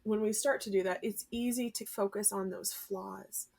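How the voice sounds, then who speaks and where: A woman's voice: medium pitch, steady tone, moderate pace, vocal fry, a little mellow. A woman hosting a podcast, asking thoughtful questions and laughing along with her guest. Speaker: podcast host. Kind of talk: casual podcast interview.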